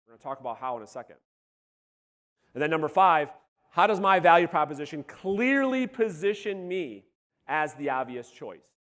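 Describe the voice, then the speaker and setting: A man coaching a room of real estate agents at a live seminar, energetic and profane, quizzing the audience, his voice going hoarse. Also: fairly high pitch, in a large hall.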